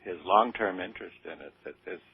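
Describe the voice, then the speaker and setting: A man's voice: sits low, fairly quick, gravelly, a little hiss or hum. An older man being interviewed on radio, speaking modestly and hesitantly, with many fillers and restarts. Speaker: interview guest. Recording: tinny phone-like radio sound.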